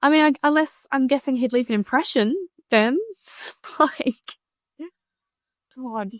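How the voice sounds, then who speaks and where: Female podcast co-host with a higher-pitched, reactive, incredulous manner and a dry sound. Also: takes it slowly, dry recording. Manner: reactive, incredulous, laughing asides. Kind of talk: casual film-review chat.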